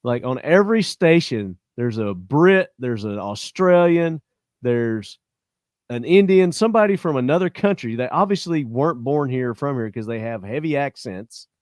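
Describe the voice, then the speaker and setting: A man's voice: medium pitch, animated, moderate pace, darkish tone, dry recording, clean studio sound. A man hosting a podcast in casual chat, blunt and profane, airing strong opinions. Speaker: podcast host.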